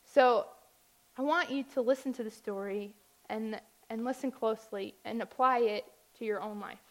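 A woman speaking to a church congregation, telling a story with animated warmth and occasional laughter. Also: a little high, moderate pace, rough recording. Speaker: missionary speaker. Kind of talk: church talk.

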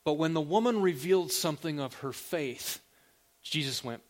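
A man preaching a sermon as a pastor, talking in a relaxed, conversational way and asking the listeners direct questions. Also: a little high, moderate pace.

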